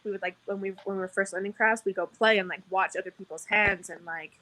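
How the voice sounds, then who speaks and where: A woman's voice: medium pitch, fairly even intonation, fast, bright, forceful tone, low-quality recording. A young woman guest, a casino dealer, talking casually and rambling with lots of "like". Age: young adult. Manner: rambling, says "like" constantly. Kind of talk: casual chat.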